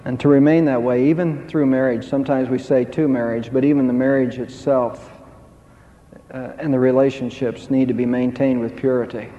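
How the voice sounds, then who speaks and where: A man's voice: mid-range voice, level tone, moderate pace, mellow, slight background noise. A man preaching a sermon as pastor, emphatic, with his voice rising on key phrases. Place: church sanctuary. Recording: dull sound with long hall reverb.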